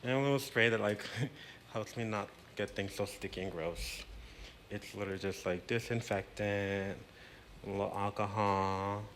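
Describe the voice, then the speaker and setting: A man's voice: fairly low pitch, steady tone, normal speed, fairly bright tone, a little hiss or hum. A man hosting a cooking show in a kitchen, explaining a recipe step by step in a chatty, playful way and dropping in Spanish words. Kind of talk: casual cooking demonstration. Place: home kitchen.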